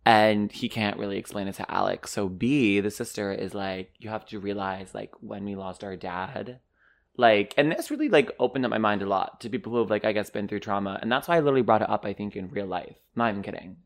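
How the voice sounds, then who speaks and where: A young man co-hosting a podcast, chatting casually about a book, often jumping into excited high-pitched outbursts. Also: brisk, gravelly. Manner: animated, jumps into high squeals when excited. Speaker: podcast co-host. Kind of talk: casual book-club chat.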